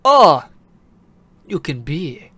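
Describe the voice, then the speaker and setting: A man's voice: on the high side, sing-song, very slow, bright, forceful tone, breathy edge, dry recording, exaggerated voice. A man voicing a flirty, commanding female furry leader in a game, making coy, suggestive offers.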